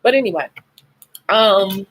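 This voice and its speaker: A tired, sleep-deprived nail technician and beauty YouTuber speaks bluntly and emotionally to viewers in a candid livestream chat. Her mid-range voice is fairly bright, slow, and lively in intonation, and the recording is rough.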